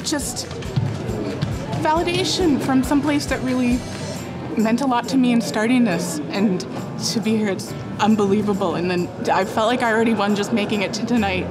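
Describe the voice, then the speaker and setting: An emotional woman answering the judges on stage, halting as she searches for words. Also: a little high. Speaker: contestant. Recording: loud music behind the voice.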